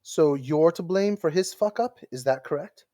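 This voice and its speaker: A man's voice: on the high side, warm tone, no echo, clean studio sound. Brash man playing his character. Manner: brash, swearing, fast. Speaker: player.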